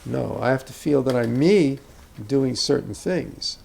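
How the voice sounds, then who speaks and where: A man's voice: mid-range voice, unhurried, gravelly, darkish tone, slight background noise. An older man, an acting teacher, speaking reflectively about character in a conversational interview, rambling with asides and restarts.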